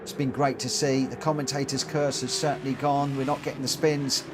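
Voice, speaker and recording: A man streaming online races, giving excitable live commentary and chatting with viewers. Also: medium pitch, a little fast, background noise. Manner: excitable, rising into animated commentary. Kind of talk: live race commentary and chat.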